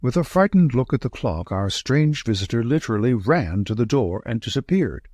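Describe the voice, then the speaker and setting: A man narrating a classic detective audiobook with steady, expressive delivery. His voice has a husky grain and a lively, rolling pitch, recorded close and dry. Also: moderate pace, dry recording. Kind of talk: scripted narration.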